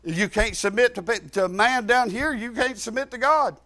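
A pastor delivers his sermon in a very high voice. His folksy talk jumps from loud, shouted lines to quiet asides. The tone is bright and forceful. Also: normal speed. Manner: folksy, rising to shouts then dropping low.

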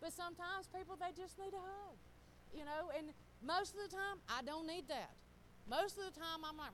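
Lively woman preaching casually. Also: very high-pitched, fairly quick, a little hiss or hum, rough recording. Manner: animated, laughing, talks straight to the congregation. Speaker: pastor's wife. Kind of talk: casual sermon storytelling.

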